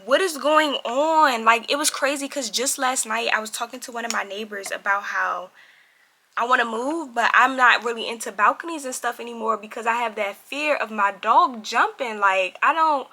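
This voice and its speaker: A young woman talks straight to her viewers in a casual storytime. Her voice is bright and sits a little high, and she acts out every quote with lively energy. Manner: animated, addresses viewers as y'all, acts out quotes. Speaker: vlogger.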